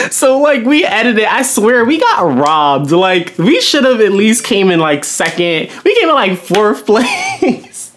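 A young woman, a podcast co-host in casual chat, telling animated stories, acting out quotes and laughing often. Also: fairly high pitch, takes it slowly, a little hiss or hum. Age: young adult.

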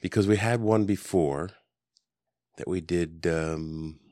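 A man with a very low voice hosts a laid-back podcast, rambling along and cracking dry jokes between frequent ums. His voice is close and dry on a desk mic, with no room sound. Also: takes it slowly, warm tone, dry recording. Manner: rambling, jokey, lots of ums. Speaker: podcast host. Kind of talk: casual chat.

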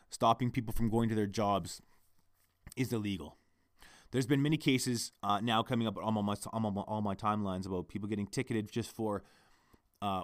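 A man hosting his own podcast, talking straight to the listener, moving from measured, serious commentary into a heated, profane rant. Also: on the low side, no echo, studio quality. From Canada. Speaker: podcast host. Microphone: podcast studio mic.

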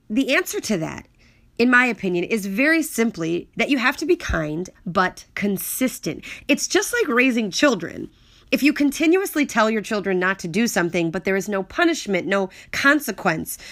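A woman's voice: mid-range voice, fairly bright tone. Earnest woman giving life advice. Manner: earnest, emphatic, repeats key phrases. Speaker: speaker on personal growth. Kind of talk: reflective monologue.

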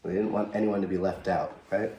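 A man's voice: low-pitched, fairly even intonation, brisk, dark tone, a little hiss or hum. A man pastor giving a live sermon in a small chapel, talking in a conversational way and asking the congregation questions. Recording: echoey room, from a distance.

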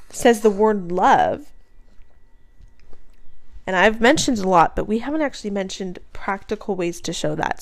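A woman hosting her own show, talking about her faith in a passionate, earnest, conversational way and putting questions to the listener. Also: mid-range voice. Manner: passionate, fired up. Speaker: podcast host. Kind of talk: casual faith talk.

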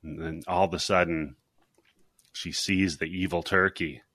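A man co-hosting a podcast, chatting casually and recapping a movie scene by scene, laughing often and putting on quick voices for the characters. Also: low voice, fairly even intonation, bright, forceful tone, dry recording. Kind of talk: casual comedic chat.

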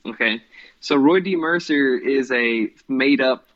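A man's voice: mid-range voice, unhurried, a bit bright. A man chatting casually as a co-host, rambling with lots of fillers. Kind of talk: casual chat. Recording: slightly muffled lo-fi sound.

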